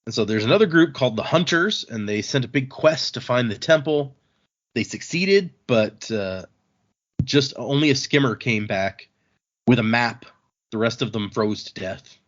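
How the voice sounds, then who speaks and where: A man's voice: medium pitch, animated, normal speed, muffled recording. A man hosting a podcast, casually recapping book chapters in a rambling way and paraphrasing characters with a chuckle. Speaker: podcast host.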